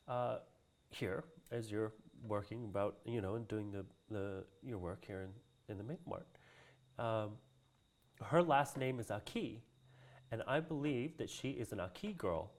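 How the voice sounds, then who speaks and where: A man from Hawaii with a fairly low voice tells a personal story in a relaxed interview. He acts out the people he quotes and laughs often. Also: a little slow. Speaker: guest, Hawaiian cultural practitioner.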